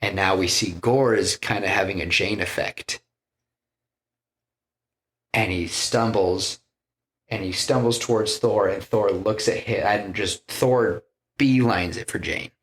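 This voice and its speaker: A podcast co-host pitches a film by describing it scene by scene in a casual storytelling chat, rambling loosely with restarts and "you know" and acting out the lines he quotes. His voice is on the low side, unhurried and a bit bright.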